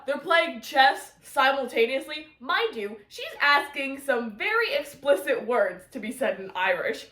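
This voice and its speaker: A young woman, chatting excitedly on a casual reading vlog and gushing about a book between bursts of giggles. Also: high-pitched, a little slow, hardly any pauses, roomy sound. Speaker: book vlogger.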